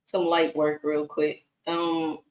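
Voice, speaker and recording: A woman's voice: sits low, monotone, slow pace, darkish tone. A woman who works as a single mom coach, telling stories in a casual chatty vlog and laughing often. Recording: echoey room.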